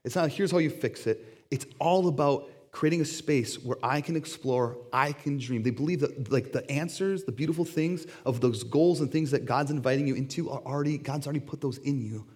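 A middle-aged man preaching a sermon in a conversational, animated way, acting out the voices he quotes. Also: mid-range voice, fairly quick, hardly any pauses, breathy edge. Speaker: pastor.

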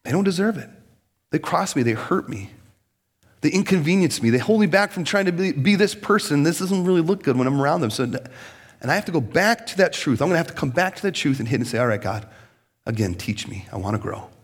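A male pastor delivers a sermon with a husky, slightly raised voice. His pitch swoops widely as he acts out quoted voices in an animated, conversational way. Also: fast. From United States.

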